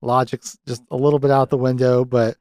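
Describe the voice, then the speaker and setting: A man hosting a casual podcast film review, animated, often jumping into high-pitched voices to act out characters' lines and laughing a lot. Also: a little fast, no room sound, clean studio sound. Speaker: podcast host.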